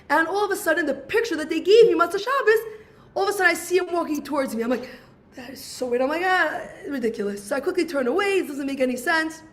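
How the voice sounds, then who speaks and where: Brooklyn lady in her 40s, high voice, telling a story, keeps doing all the "i'm like" bits. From Brooklyn, USA. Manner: animated, acts out dialogue, many "I'm like"s. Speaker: speaker sharing her story. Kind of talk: personal storytelling.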